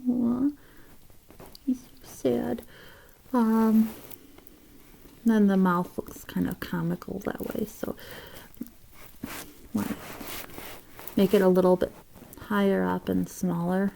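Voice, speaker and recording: A woman giving a casual drawing tutorial, rambling with fillers and soft asides. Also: medium pitch, little pitch movement, takes it slowly, gravelly, long pauses.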